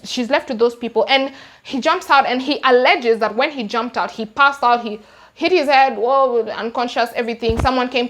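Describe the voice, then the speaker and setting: A young Kenyan woman with a Kenyan English accent recounting a true-crime case in an animated, slangy, emphatic way. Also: on the high side. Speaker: YouTuber. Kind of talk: true-crime storytime vlog.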